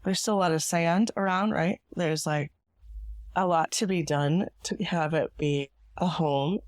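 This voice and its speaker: Hoarse raspy-voiced woman podcaster, low and cracky, thoughtful, super dry sound. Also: a little mellow, no room sound. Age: adult parent. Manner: reflective and earnest, with small laughs. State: hoarse, gravelly from illness. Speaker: podcast host. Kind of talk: solo podcast monologue.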